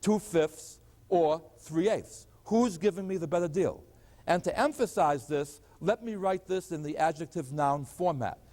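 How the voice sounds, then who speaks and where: A man with a high voice teaches arithmetic at a chalkboard in an old 1980s lecture recording. He keeps asking questions and answering them himself. The hall gives his voice a long, lingering echo. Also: measured pace, a little mellow. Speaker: math professor.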